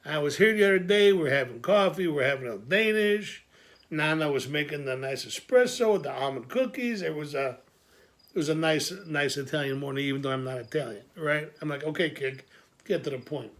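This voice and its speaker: A man performing an improvised comic monologue as a swearing, streetwise family man, telling his story with quick asides. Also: on the high side, lively intonation, fairly bright tone. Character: Pork Chop, a gruff middle-aged family man. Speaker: comedian doing an improvised monologue.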